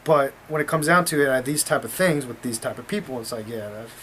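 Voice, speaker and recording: A man's voice: mid-range voice, brisk, a bit bright. Guy rambling through a story for his vlog, blunt and swears a lot, mid voice, faint hiss behind.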